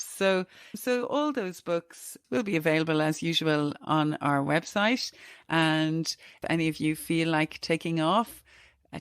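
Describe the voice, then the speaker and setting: A woman's voice: deep voice, clean tone, dry recording, studio quality. A woman hosting a book podcast, eagerly recommending a novel. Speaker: podcast host. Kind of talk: casual book chat.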